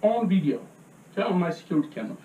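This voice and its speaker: Agitated at a public meeting, a resident presses his points again and again with "okay?" during a heated comment. He speaks rapid-fire in a high voice with big pitch swings, and the phone-quality sound comes from far off in an echoey room.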